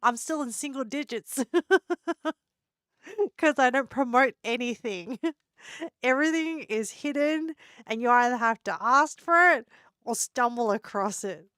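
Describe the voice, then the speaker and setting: A woman's voice: a little high, a little slow, long pauses, a bit bright, clear, resonant tone, no echo, studio quality. A woman live streamer chatting casually with her viewers, giggling a lot and playfully teasing them.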